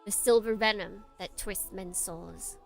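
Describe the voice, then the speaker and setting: A woman streamer playing a visual novel, laughing at the story and reading its narration aloud in a hushed, dramatic tone. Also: medium pitch, fairly even intonation, unhurried, creaky, soft background music. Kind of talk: let's play commentary and dramatic reading.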